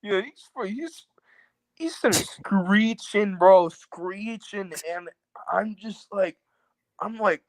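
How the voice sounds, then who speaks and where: A man's voice: high voice, takes it slowly, no echo, low-quality recording. Man, podcast guest, rambling anecdote, heavy cursing, lots of "like", dry sound. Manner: rambling, profane, many fillers; acts out quoted people. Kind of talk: casual storytelling.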